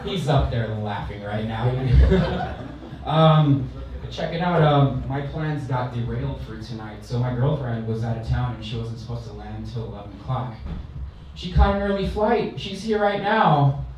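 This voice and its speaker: A man's voice: mid-range voice, a little slow, a little mellow, slight background noise. A man from California's San Fernando Valley doing a stand-up set on a comedy club stage, delivering brash, profane, self-deprecating punchlines. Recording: roomy live club sound from a distance.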